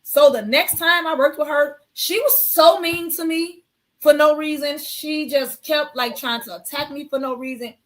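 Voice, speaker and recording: A woman nurse giving her testimony on a faith talk show, telling an animated story and acting out the lines of people in it. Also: high voice, moderate pace.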